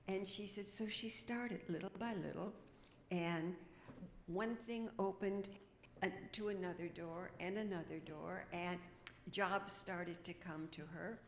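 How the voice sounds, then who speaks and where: A woman minister delivers a sermon from the pulpit. She keeps it conversational and full of stories, breaking off into casual asides, at an ordinary middle pitch. A faint hiss sits under the recording. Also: steady tone, reverberant. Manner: chatty, storytelling, quick asides. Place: church sanctuary. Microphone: microphone with feedback.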